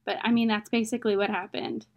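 A woman's voice: mid-range voice, steady tone, fast, muffled recording. Candid woman telling her story. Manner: candid, emotional, plain-spoken. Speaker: guest. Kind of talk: personal storytelling.

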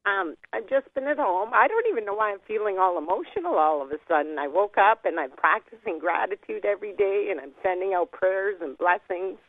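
A woman's voice: medium pitch, a little fast, few pauses, no echo. Emotional woman caller on a phone line. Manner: emotional, bashful, laughs nervously.

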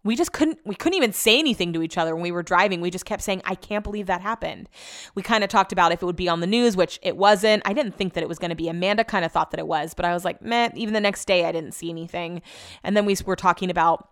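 A young adult woman casually retelling a personal story, emphatic and animated, with lots of filler words. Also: lowish voice, rapid-fire.

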